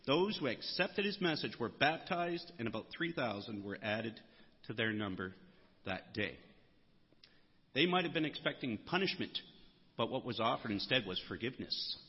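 A man preaches a sermon in a big, echoing church hall, and his voice comes across husky and a little muffled. His delivery is earnest, and he lifts his voice to stress the key words. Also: medium pitch, very animated, normal speed. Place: church sanctuary. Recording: muffled sound with long hall reverb.

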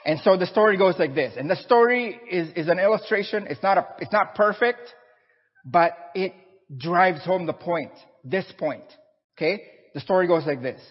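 A male preacher tells a story in a sermon with a husky, fairly high voice. He is recorded in a church hall that gives long echoes and a dull, muffled sound. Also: moderate pace. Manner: animated storyteller.

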